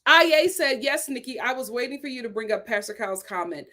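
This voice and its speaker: A woman with a slightly high voice hosts a casual live stream, reading viewer comments aloud one after another. She reacts to each with emphatic, animated commentary, repeating her points for effect. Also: quick pace.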